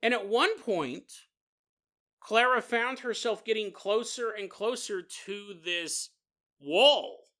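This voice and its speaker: A man's voice: sits high, animated, slow pace, sharp tone. A man hosting a podcast, telling a ghost story casually with jokey asides and digressions. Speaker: podcast host. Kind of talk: comedic storytelling narration.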